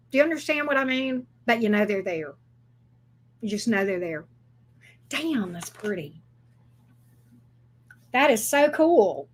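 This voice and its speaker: A woman giving a casual tarot reading who talks in a chatty, excitable way and swears freely. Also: on the high side, measured pace, pauses often. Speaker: tarot reader.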